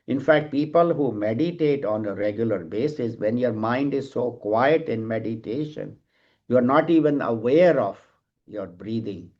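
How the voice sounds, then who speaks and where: A middle-aged man giving a calm, explanatory scripture class and now and then telling a light joke. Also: medium pitch, moderate pace. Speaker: spiritual teacher. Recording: dull lo-fi sound.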